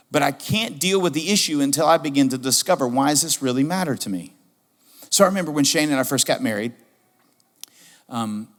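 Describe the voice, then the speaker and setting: A middle-aged man preaching a sermon as a pastor, telling a story in an animated, humorous way. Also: mid-range voice. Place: church auditorium. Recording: long hall reverb.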